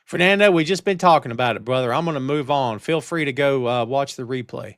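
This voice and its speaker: A man's voice: mid-range voice, brisk, fairly bright tone, no room sound, studio quality. A middle-aged man hosting a live wrestling chat show, ranting and talking straight to his chat. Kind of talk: casual live-stream chat. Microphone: headphones and studio mic.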